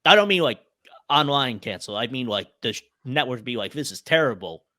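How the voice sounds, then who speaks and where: A man from Ireland talking in an animated, casual way on a podcast, full of fillers and quick impressions. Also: mid-range voice, no room sound, clean studio sound. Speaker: podcast panelist. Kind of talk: casual chat.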